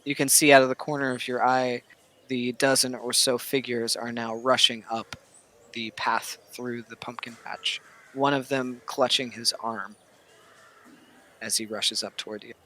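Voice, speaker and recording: Bright-voiced male game master. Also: mid-range voice, flat delivery. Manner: casual, many fillers and pauses. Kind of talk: narrating a tabletop game.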